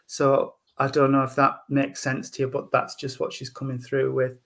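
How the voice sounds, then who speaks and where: A man working as a medium, giving a psychic reading in a gentle, hesitant way full of ums and endearments. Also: mid-range voice, monotone, moderate pace, creaky. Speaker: spiritual medium.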